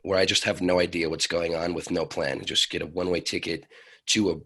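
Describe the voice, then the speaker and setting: A man's voice: low-pitched, flat delivery, a little fast, fairly bright tone, breathy edge. A man guest on a podcast, telling travel stories in a laid-back, casual conversational way. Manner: laid-back storytelling with loose phrasing.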